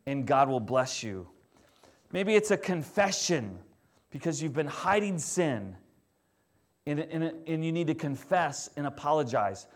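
Man, pastor, sermon, conversational, animated, fairly high pitch. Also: measured pace.

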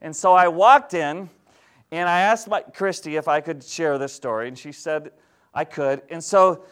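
Candid male pastor, smooth higher voice. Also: unhurried, fairly bright tone. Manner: candid, conversational, asks the congregation rhetorical questions. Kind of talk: storytelling sermon.

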